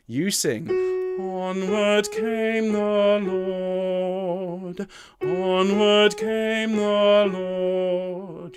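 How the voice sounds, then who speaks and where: A man leading an online choir rehearsal, encouraging and chatty, counting the singers in and singing phrases to demonstrate. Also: medium pitch. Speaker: choir director. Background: piano.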